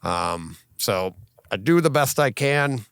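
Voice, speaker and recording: A man's voice: medium pitch, lively intonation, slow pace, fairly bright tone, clean tone, no echo, clean studio sound. A man hosting a casual home podcast, rambling and laughing as he talks. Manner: rambling, self-interrupting, laughs often. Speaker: podcast host. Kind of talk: casual chat. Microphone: home podcast mic, recording his own side.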